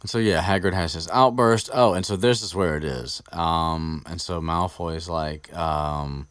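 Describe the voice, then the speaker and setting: A man's voice: low voice, a little slow, a bit bright, clear, resonant tone, no room sound, studio quality. A man hosting a casual podcast chat, rambling and profane, with frequent restarts. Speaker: podcast host discussing a book.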